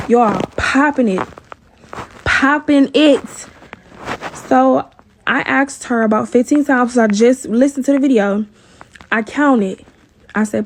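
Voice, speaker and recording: A woman telling a personal story in a casual, animated way, cursing often and addressing listeners as y'all. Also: a little high, a little slow, long pauses, slight background noise. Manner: animated, profane, talks to viewers as y'all.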